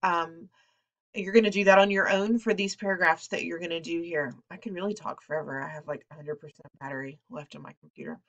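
A woman's voice: on the low side, steady tone, fairly quick, a bit bright, muffled recording. Chatty woman teacher giving class instructions. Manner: chatty, with frequent ums and off-hand asides.

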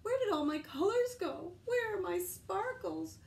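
A woman's voice: sits high, unhurried, darkish tone. A woman voicing a sad little boy unicorn. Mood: tearful. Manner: tearful, plaintive.

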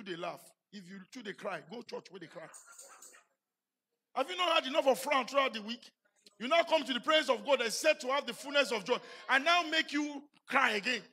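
A man with a Nigerian English accent preaching a sermon in a church, building to shouted emphasis and putting questions to the congregation. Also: very high voice, husky. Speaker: pastor.

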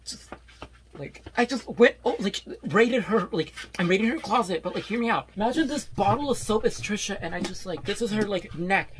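A woman playing a rambling, defensive parody of a female YouTuber in a comedy sketch, swinging into yelling. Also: mid-range voice, expressive, a little fast, slight background noise, natural voice.

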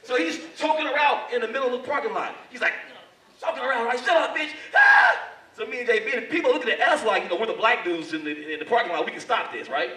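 Guy doing stand-up in a club, bright lively voice, echoey room, mic kinda far. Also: extremely high pitch, fast. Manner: animated storytelling. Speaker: stand-up comedian and host. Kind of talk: stand-up comedy. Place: live comedy club.

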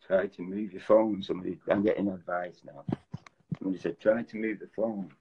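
On a lo-fi phone live stream, an Instagram host acts out movie titles and reads viewers' guesses aloud as they arrive. His voice is low, his intonation fairly flat, and he talks a little quickly, with some hiss or hum audible through the phone mic.

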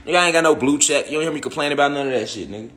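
A man's voice: a little high, rapid-fire, a bit bright. A young man delivering a heated, profane monologue rant to his online followers, repeating himself and firing off tag questions. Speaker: online spiritual commentator.

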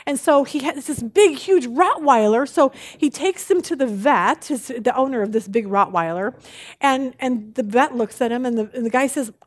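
A woman teaching a women's Bible study, animated and expressive, telling jokes as she speaks. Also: high-pitched, moderate pace, dry recording.

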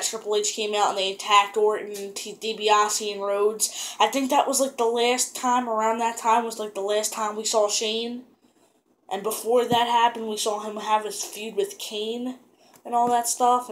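A woman with a medium-pitched voice casually recaps a wrestling show, rambling with lots of fillers and restarts and getting more excited as she goes.

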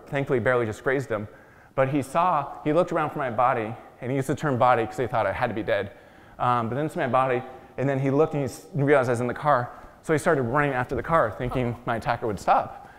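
A man giving a talk to an audience, telling his story with self-deprecating jokes. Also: medium pitch. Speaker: guest speaker. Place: large meeting hall. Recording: long hall reverb.

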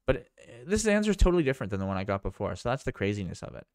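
A man's voice: mid-range voice, sing-song, racing, few pauses, darkish tone, no echo, studio quality. A man vlogging a casual screen demo, rambling and thinking aloud with amazement. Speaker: tech vlogger.

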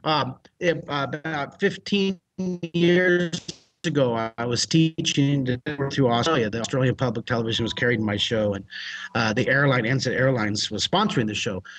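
A man's voice: medium pitch, normal speed. A middle-aged American man, a drawing teacher, telling a story animatedly with bursts of laughter. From United States. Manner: excitable, shouts and laughs mid-story.

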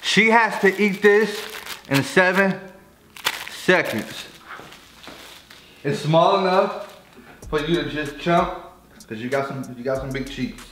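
A man's voice: on the high side, slow, long pauses, sharp tone, slight background noise. A young man co-hosting a casual challenge vlog, playfully teasing his partner. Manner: playful teasing, breaks into sung lines. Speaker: co-host. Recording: echoey room with faint music.

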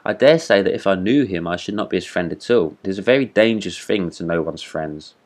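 A man's voice: low-pitched, lively intonation, brisk, a little mellow. A man reading a storybook voicing a pompous, self-important male firework rocket with a haughty, supercilious manner.

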